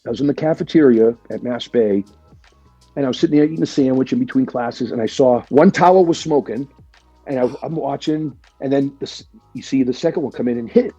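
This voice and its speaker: A man's voice: medium pitch, fairly quick, slightly rough, no room sound, muffled recording, faint music behind. A man, a guest in a casual interview, telling stories chattily with plenty of swearing and "right?" after each point. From Boston area, USA. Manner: chatty and animated, swears freely, leans on "right?" and "like". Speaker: guest, military veteran.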